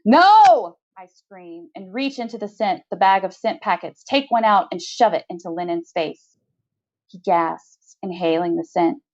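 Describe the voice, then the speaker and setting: A woman author with a low-ish voice reads her own first-person short story, narrating steadily and with measure. The lo-fi recording sounds slightly dull.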